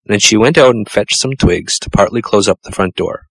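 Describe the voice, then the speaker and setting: A man reads a children's storybook aloud in a measured, gentle way. His voice sits low and even. The recording is close and dry, with no room sound. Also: creaky, husky, no room sound, low-quality recording. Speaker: narrator. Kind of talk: storybook reading.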